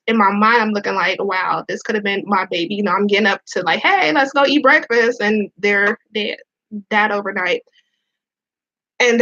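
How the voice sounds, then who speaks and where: A woman talks frankly to her viewers, near tears as she repeats herself and sometimes swears. Her voice is bright and sits a little high. The sound is dull and lo-fi. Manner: candid, profane, repeats herself. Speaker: Navy veteran and police officer. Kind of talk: emotional personal storytelling to viewers.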